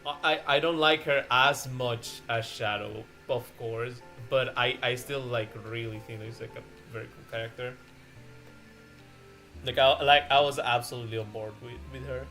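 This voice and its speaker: A man's voice: mid-range voice, steady tone, moderate pace, sharp tone, faint music behind. A man hosting a casual art stream, chatting with friends, laughing often and rambling with restarts. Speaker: streamer host.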